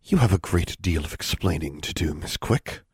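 A severe, cold-eyed woman dean handing down orders in clipped, commanding sentences, as a male narrator puts her on. Her voice sits low with a husky grain. The recording is close and dry. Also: animated, moderate pace, dry recording, heavily acted. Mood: stern. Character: stern, cold female school dean.

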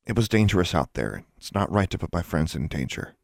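A man voicing a defiant young schoolgirl witch in an audiobook, lifting his deep voice higher. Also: very animated, fairly quick, creaky, no room sound, clean studio sound, full character voice. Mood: earnest.

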